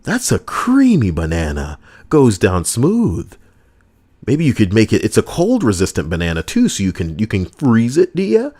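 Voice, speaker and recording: Deep-voiced crude sarcastic male streamer. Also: huge pitch swings, normal speed, dark tone, slightly rough. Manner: crude, sarcastic running commentary. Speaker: livestream host. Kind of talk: casual chat reading posts aloud.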